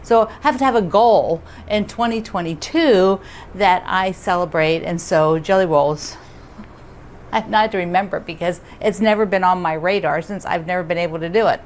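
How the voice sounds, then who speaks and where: A woman's voice: lowish voice, normal speed, a little hiss or hum. A woman who hosts a quilting vlog and teaches quilting, chatting casually and cheerfully to the camera from her home, often laughing. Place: home living room.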